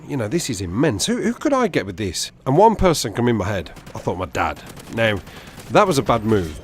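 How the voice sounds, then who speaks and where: A man's voice: medium pitch, a little hiss or hum. A young man telling a personal anecdote over gameplay, as a gaming video host. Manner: animated, quick anecdotal storytelling.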